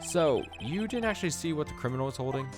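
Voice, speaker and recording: A man's voice: on the high side, lively intonation, fast, pitched above the performer's own voice, lightly acted. A man voicing an earnest young male defense lawyer in a let's play, asking probing questions, with game music behind.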